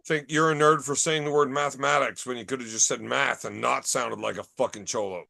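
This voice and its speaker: Gravelly, bright-voiced man swearing through stories. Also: medium pitch, fairly even intonation, fairly quick, no room sound. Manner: profane, storytelling. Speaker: podcast host. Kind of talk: casual bar chat.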